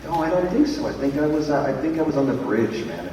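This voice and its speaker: A man's voice: fairly high pitch, quick pace, a little hiss or hum. A man eagerly telling stories as a guest on a convention panel. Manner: eager, lively storytelling. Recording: echoey hall from far off, crowd.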